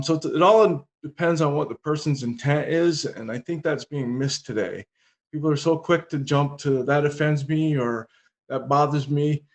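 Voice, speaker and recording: Man telling stories with dry humor. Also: fairly high pitch. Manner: humorous anecdotes, dry comic timing. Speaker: podcast guest. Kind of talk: casual interview storytelling.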